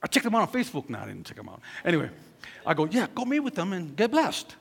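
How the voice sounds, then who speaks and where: Gravelly preacher in a reverberant hall. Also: male voice, high-pitched, wildly swooping pitch, fast talker. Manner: storytelling, acts out quotes, swings from loud to hushed. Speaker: pastor. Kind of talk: preaching a sermon with a personal story.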